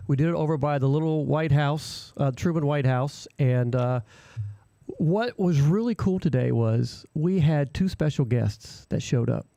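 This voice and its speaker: A man's voice: a little high, a little slow, gravelly, dark tone, no room sound. A man hosting a casual live radio show from a small studio, rambling and chatty with lots of fillers.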